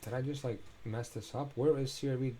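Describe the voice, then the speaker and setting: A man's voice: mid-range voice, fairly even intonation, a little fast, mellow, slight background noise. A man casually talking through crypto price charts on a screen share, loose and chatty, thinking aloud with filler sounds and sounding a bit tired. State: tired, yawning.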